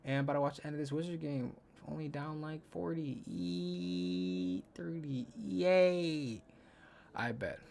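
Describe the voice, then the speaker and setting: A man's voice: on the high side, moderate pace, creaky, darkish tone, a little hiss or hum. A young man hosting a solo podcast in casual chat, rambling and swearing, counting under his breath while he thinks aloud. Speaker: podcast host.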